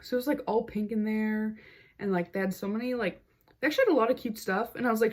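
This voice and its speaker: A woman's voice: on the high side, fast. A young woman hosting her own podcast, telling a story in a casual, chatty way, full of "like" fillers and wry asides. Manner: chatty, heavy use of "like" fillers. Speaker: podcast host.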